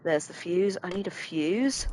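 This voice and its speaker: A woman with a lowish voice talks her way through a horror game, chatty and self-deprecating as she thinks aloud. A faint hiss of background noise sits behind her desk mic. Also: expressive, measured pace, a little mellow, rough recording. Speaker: let's play host. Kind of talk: casual gameplay commentary.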